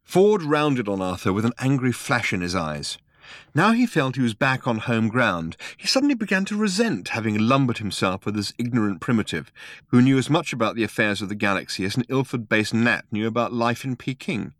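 A man narrating a comic science-fiction story in a measured, wry way. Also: mid-range voice, big pitch swings, dry recording, studio quality. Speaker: audiobook narrator. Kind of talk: scripted narration.

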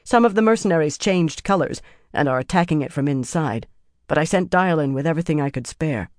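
A reader voicing a practical woman commander who gives a steady report in an audiobook. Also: medium pitch, fairly quick, dry recording, clean studio sound, close to an everyday voice. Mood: matter-of-fact. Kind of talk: audiobook character voice.

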